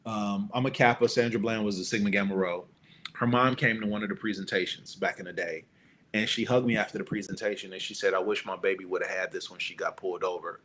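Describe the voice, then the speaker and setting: Bright-voiced man telling animated stories. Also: fast, slight background noise. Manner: animated, acts out quotes with big pitch jumps. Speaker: guest, entrepreneur. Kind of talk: storytelling in a casual interview.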